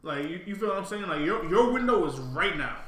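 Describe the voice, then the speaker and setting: A man co-hosting a podcast, talking sports in casual chat, excitable and quick, often restarting his sentences. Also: sits high. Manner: fast, excitable, frequent restarts. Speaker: podcast co-host. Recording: roomy echo.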